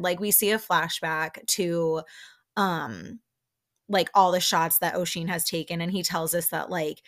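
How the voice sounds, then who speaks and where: A woman's voice: on the low side, a bit bright. A young woman hosting a podcast, recapping reality TV in a chatty, casual way and leaning on "like" often. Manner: chatty, lots of "like", laughs often. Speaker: podcast host.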